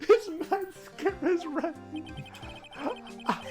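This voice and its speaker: A woman's voice: very high voice, extremely slow, over loud music, pitched above the performer's own voice, exaggerated voice. A woman voicing a pampered young male magician with a put-on Southern drawl, pleading and near tears. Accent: put-on American Southern. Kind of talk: voice acting over a game.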